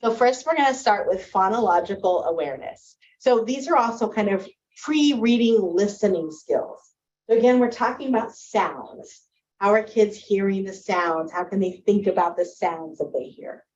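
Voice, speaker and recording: A woman's voice: mid-range voice, a little mellow, dull audio. A woman teacher giving a presentation to parents on early reading, explaining with friendly spoken examples.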